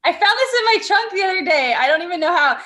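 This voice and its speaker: High, bright-voiced chatty woman. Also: lively intonation, quick pace. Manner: chatty, rambling, searches for words. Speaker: cast member guest. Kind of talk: casual reunion chat. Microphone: video call.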